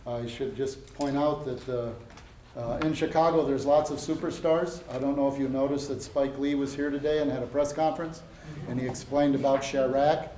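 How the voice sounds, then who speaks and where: A man moderating a university event. He makes announcements and sets the rules for questions in a relaxed way, with uh fillers. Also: mid-range voice, moderate pace. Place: lecture room at a university. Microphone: no microphone, room recording. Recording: echoey room with faint noise.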